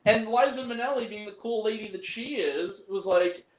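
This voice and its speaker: A man's voice: sits high, normal speed. A man chatting as a guest on a casual stream, telling stories animatedly and laughing often. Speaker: guest on a film talk stream. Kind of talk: casual chat. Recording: echoey room with faint noise.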